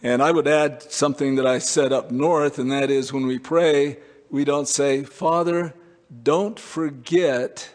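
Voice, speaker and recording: A man's voice: mid-range voice, little pitch movement, normal speed, darkish tone. Man preaching in a reverberant hall. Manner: conversational, frequent fillers and restarts. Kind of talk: sermon.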